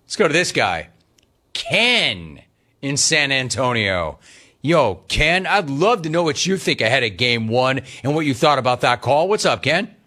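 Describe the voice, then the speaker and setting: A man hosting a sports talk radio show, animated and emphatic, swinging between loud and soft. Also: medium pitch, unhurried.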